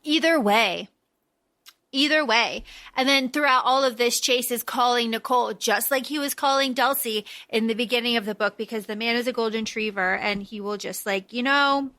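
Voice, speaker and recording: A woman co-hosting a podcast recaps a movie in casual conversation, laughing and enthusiastic as she retells its scenes. Her voice is fairly high, bright, and forceful, at a normal speed.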